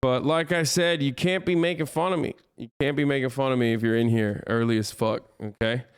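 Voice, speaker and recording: A man's voice: medium pitch, fairly even intonation, brisk, clean tone. A man hosting a live stream, chatting with viewers in a brash, profane, teasing way. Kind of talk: casual stream chat.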